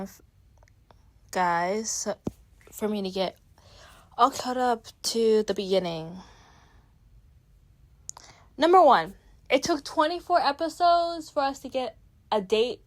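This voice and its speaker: A young Canadian woman talks straight into the camera in a casual, opinionated way. Her voice sits a little high for a woman, and she calls her viewers "guys" as she works through her points. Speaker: reality TV recap vlogger. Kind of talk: casual chat.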